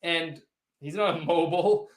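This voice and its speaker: High-voiced man hosting a rambling sports stream. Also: a little slow. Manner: rambling, teasing, talks straight to viewers. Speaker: sports livestream host. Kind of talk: casual postgame livestream, reading viewer chats. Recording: echoey room.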